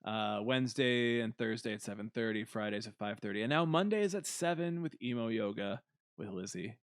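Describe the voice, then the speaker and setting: A man's voice: fairly low pitch, normal speed, no room sound, studio quality. A young man co-hosting a casual podcast, telling awkward stories on himself with lots of laughing and swearing. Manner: self-mocking, laughing, swearing storyteller. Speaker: podcast co-host.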